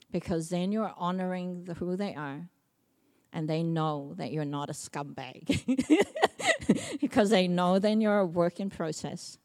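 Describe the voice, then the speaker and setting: A woman's voice: fairly low pitch, darkish tone. Emphatic woman preaching. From Samoa. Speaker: pastor. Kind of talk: sermon.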